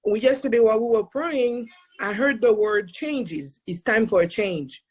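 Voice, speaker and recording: Husky-voiced woman with a thick Haitian accent. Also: on the high side. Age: 40s. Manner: excitable, quick to laugh. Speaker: invited speaker. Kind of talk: personal testimony talk.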